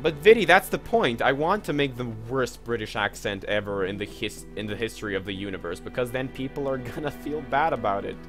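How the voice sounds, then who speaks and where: A young man streaming a game and chatting with his viewers in a loose, joking manner, full of fillers and swearing. His voice sits at an ordinary middle pitch. Faint game music runs in the background. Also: animated, a little fast, hardly any pauses, fairly bright tone. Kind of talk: casual live-stream commentary.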